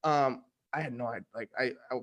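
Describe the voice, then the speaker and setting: A young man telling a story in casual conversation, slangy and animated, acting out what people said. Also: medium pitch, brisk. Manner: slangy, animated, acts out quoted dialogue. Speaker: guest giving a testimonial.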